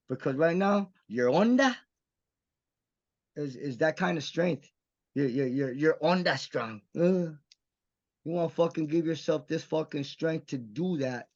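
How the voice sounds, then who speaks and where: A man's voice: on the high side, lively intonation, unhurried. A man from Texas, guest on a podcast, talking in an intense, profane, emphatic way. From Mission, Texas. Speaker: guest actor. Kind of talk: candid podcast conversation. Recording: dull lo-fi podcast audio.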